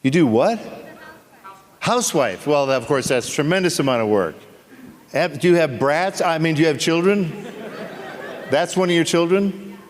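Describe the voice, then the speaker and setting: An actor on a convention panel, a man joking and teasing audience members in playful, quick asides. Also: on the high side, expressive. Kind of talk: comedic Q&A banter with the audience. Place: convention hall. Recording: echoey convention hall.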